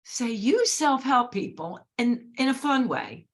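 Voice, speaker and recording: A woman's voice: on the high side, sing-song, unhurried. A woman hosting a casual podcast conversation, chatty and playful, acting out phrases she quotes. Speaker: podcast host.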